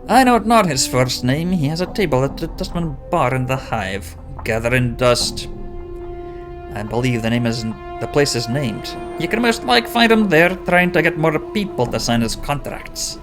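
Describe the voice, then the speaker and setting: A man's voice: medium pitch, lively intonation, normal speed, music in the background, lightly acted. A man voicing a wary, worried wife of a hot-tempered husband, in a put-on fake Scottish accent. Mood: resentful. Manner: hesitant, wary.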